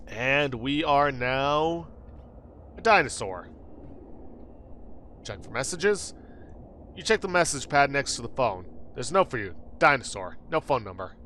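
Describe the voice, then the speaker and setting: A man hosts a game playthrough, reading on-screen text aloud between dry, wry remarks. His voice is bright and sharp, at a mid pitch. Faint game music plays softly behind him. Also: lively intonation, a little slow, pauses often. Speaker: let's play host.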